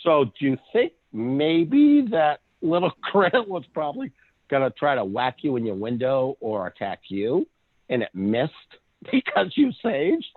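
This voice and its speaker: A man's voice: a little high, very animated, unhurried, phone-quality sound. A man in casual chat who tells stories with a lot of energy, laughs often and acts out voices as he goes. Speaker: co-host.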